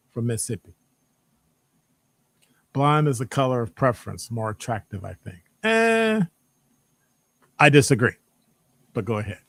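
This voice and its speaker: A man with a Midwestern American accent leads a live online session with an animated, teasing delivery. His voice sits at an ordinary middle pitch. The sound is close and dry, with no room echo. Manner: animated, jokey, teasing the audience. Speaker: presenter reading audience answers. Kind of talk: live-streamed lecture with chat.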